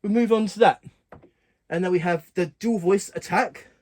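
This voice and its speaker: A man casually walking through keyboard functions in a relaxed, plain way, talking while he presses buttons. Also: sits high, moderate pace. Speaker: keyboard tutorial host. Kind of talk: casual instructional walkthrough.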